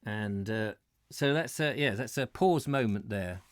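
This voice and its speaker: A man's voice: on the low side, a little slow, no room sound. A man from England hosting a live stream, reading a book aloud and chatting casually about viewer comments, stumbling over names.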